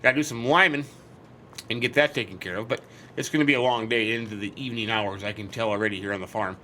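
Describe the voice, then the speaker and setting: A man's voice: fairly low pitch, steady tone, fast, pushed and bright, a little hiss or hum. Rambling, chatty man narrating a farm game. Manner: rambling, chatty, thinks aloud with many fillers. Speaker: game roleplay host. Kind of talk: casual in-character game commentary.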